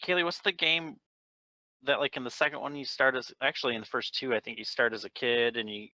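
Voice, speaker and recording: A man's voice: medium pitch, fairly even intonation, fairly quick, pushed and bright, a little hiss or hum. A man playing a tabletop game, chatting in a rambling, hesitant way. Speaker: player. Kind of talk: casual chat.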